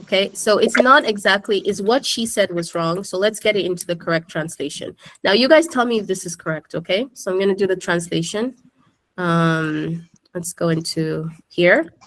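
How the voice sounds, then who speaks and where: A woman's voice: fairly low pitch, moderate pace, fairly bright tone. Chatty woman teaching a class. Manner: chatty, keeps addressing the class. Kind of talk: casual screen-share tutorial.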